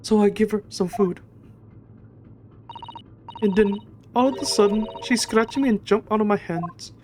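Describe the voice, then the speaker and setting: A man's voice: sits high, unhurried, a little mellow, a little hiss or hum, pitched above the performer's own voice. A man voicing a frightened young woman with a Russian accent, faltering as he reads a game's lines aloud. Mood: recounting.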